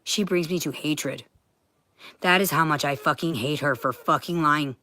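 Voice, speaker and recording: A woman talking to camera in a heated, profane monologue that keeps bursting into shouting. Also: deep voice, moderate pace, no room sound.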